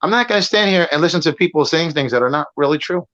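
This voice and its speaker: A man's voice: on the high side, lively intonation, fast talker, fairly bright tone. Heated, profane man on muffled audio. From Puerto Rico. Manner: profane, rambling, talks over others. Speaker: guest debater on a stream. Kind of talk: heated argument.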